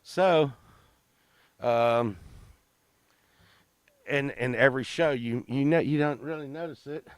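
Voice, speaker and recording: A man's voice: mid-range voice, slow, pauses often, clean tone, no echo, clean studio sound. A man in his fifties telling a story on a stream, rambling, profane and full of fillers and restarts.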